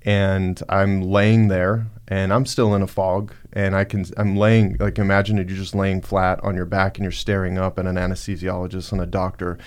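A man on a podcast, recounting a personal story in a halting, reflective way with many fillers. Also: sits low, flat delivery, clear, resonant tone. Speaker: podcast guest. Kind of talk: casual storytelling.

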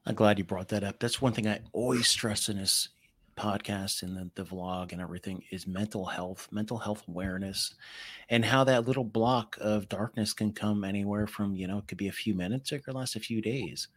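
A man hosting a podcast, talking in an earnest, relaxed way in a conversational interview. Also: lowish voice, fairly quick, no echo. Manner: earnest and relaxed, draws on military background. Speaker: podcast host.

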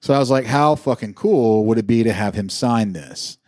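A podcast co-host with a medium-pitched, slightly mellow voice talks at normal speed in clean studio audio with no room sound. In casual chat he tells a long, rambling story full of filler words and offhand swearing.

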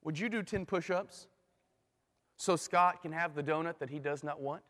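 Man voicing a stern professor, calm and deliberate, high-pitched, echoing hall. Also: lightly acted. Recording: long hall reverb.

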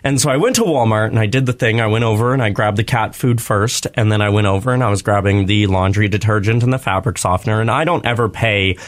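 A man hosting a radio show, telling a long personal story in an earnest, rambling, animated way. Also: lowish voice, fast talker, hardly any pauses. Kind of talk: casual on-air storytelling.

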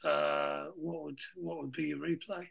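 A man hosting a casual podcast interview, friendly and quick to laugh. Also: fairly high pitch, level tone, gravelly, phone-quality sound. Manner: friendly, laughs easily, asks rambling questions. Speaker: podcast host.

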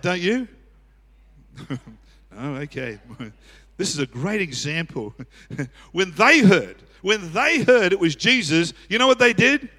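A man preaching a sermon as pastor, swinging from quiet asides to loud shouting and often chuckling. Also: high-pitched. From Australia. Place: church auditorium. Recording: echoey church hall.

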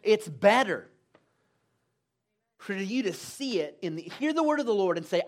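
A preacher delivers an emphatic sermon in a church, urging his listeners on with repeated calls. His voice sits high for a man, and his pitch swoops up and down as he drives each point home. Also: big pitch swings, moderate pace, long pauses. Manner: emphatic, call-and-response, "come on now".

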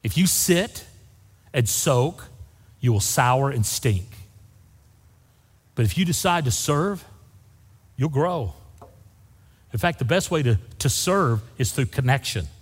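A man's voice: mid-range voice, animated, slow, long pauses, husky. A man preaching a sermon as a pastor, telling folksy stories and speaking straight to the congregation. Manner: folksy storytelling preacher, says y'all. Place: church sanctuary. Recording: long reverb in a large church hall.

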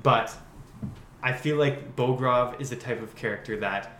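A man co-hosting a podcast, chatting casually as he pitches a story and laughing often. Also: a little slow, fairly bright tone, roomy sound, slight background noise. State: has hiccups. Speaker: podcast co-host.

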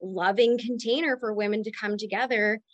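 A woman's voice: medium pitch, fairly even intonation, normal speed, dry recording, lo-fi sound. A woman business owner and mom sharing an effusive, heartfelt testimonial in casual chat. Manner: effusive, chatty, emotional. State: close to tears. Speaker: mastermind member and business owner.

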